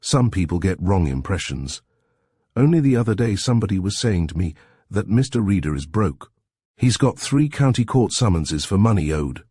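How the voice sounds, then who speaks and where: A man voicing a pushy, ingratiating middle-aged crook who talks loud and emphatic. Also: deep voice, big pitch swings, normal speed, slightly rough, dry recording, clean studio sound, voice pushed up, full character voice. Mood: wheedling.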